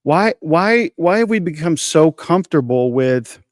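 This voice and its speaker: A man's voice: a little high, expressive, a little slow, no echo, clean studio sound. A man co-hosting a casual faith podcast, telling a personal story in an earnest, emotional way, repeating phrases and restarting often. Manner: frequent restarts and fillers. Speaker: podcast co-host.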